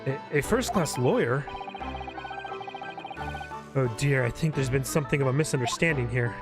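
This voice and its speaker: A man's voice: mid-range voice, moderate pace, natural voice. A man reading a hesitant young lawyer. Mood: earnest. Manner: earnest, hesitant, polite. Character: earnest young male defense lawyer. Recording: game music loud behind.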